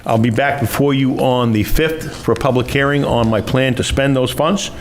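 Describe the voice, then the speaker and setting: A man's voice: mid-range voice, fairly even intonation, moderate pace. A man speaks as police chief at a council meeting. He briefs the council in a formal, polite way, with an occasional filler. Faint background noise is heard behind him. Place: town council chamber.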